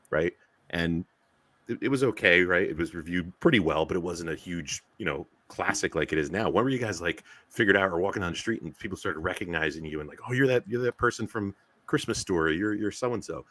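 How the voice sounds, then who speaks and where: A man's voice: sits low, a bit bright. A man in his forties, hosting a casual interview and asking long, rambling questions. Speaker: host.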